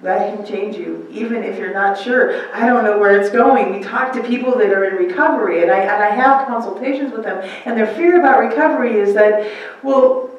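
A woman pastor preaches a sermon in a conversational way, asking the room questions and acting out quotes in other voices. Her voice sits at a middle pitch for a woman. It rings through a very echoey church, picked up from some distance. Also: a little fast, muffled recording. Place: church sanctuary.

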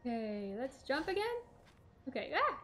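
A woman's voice: high voice, sing-song, moderate pace, a bit bright. A woman streaming a video game, giving casual gameplay commentary and talking to herself, swearing when things go wrong.

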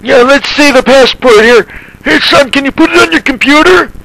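A man voicing a loud, eager middle-aged father who joins a prank phone call and calls his partner son. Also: very high-pitched, moderate pace, gravelly, voice pushed up, exaggerated voice. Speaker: prank caller.

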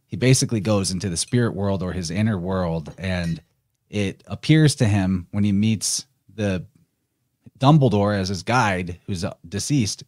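A man with a fairly low, slightly mellow voice talks as a podcast guest, chatty and reflective, laughing readily. It's casual conversation, recorded cleanly in a studio with no echo.

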